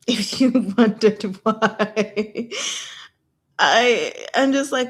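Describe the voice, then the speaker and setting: Animated woman chatting about a book. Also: on the high side, very slow, pauses often. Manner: animated, exclaims and laughs often. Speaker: book discussion host. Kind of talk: casual chat.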